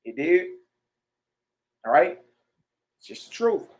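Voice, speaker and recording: Slow and sing-song, a high-pitched man leads a religious lesson. He reads passages aloud and offers commentary, preaching emphatically in a conversational way and calling out to his audience.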